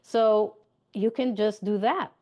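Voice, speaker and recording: A woman coaching her listeners on mindset in a relaxed, talkative way. She circles back to her points and keeps checking in with a quick "okay?". Her voice sits at an ordinary middle pitch for a woman. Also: lo-fi sound. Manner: chatty, repeats points, asks "okay?" for agreement. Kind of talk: motivational coaching talk.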